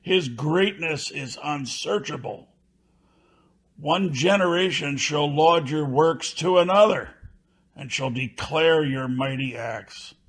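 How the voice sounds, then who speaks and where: Slow, measured male scripture reader. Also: on the high side, a bit bright, slightly rough. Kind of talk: scripture reading.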